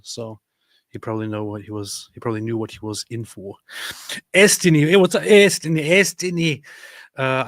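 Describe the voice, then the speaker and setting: A man's voice: on the low side, fairly bright tone, dry recording. Guy on a livestream reading super chats, lots of uhs and restarts, dry close sound. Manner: chatty, many fillers and restarts. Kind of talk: casual livestream chat.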